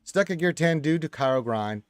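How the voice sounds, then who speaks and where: A man's voice: normal speed, clear, resonant tone, no room sound, studio quality. Chatty man reading a livestream chat. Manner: reads chat aloud with lively swings in pitch and loudness. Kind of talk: casual chat.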